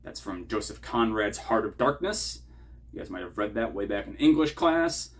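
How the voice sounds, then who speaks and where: A man's voice: on the low side, lively intonation, moderate pace. A middle-aged man hosting a scripted writing lesson, with dry, self-mocking asides. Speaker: writing teacher and channel host.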